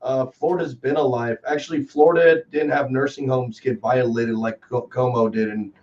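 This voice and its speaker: A man from Texas in casual chat as a guest, telling rambling, animated stories with lots of fillers. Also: medium pitch, normal speed. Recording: distant, dull lo-fi call audio.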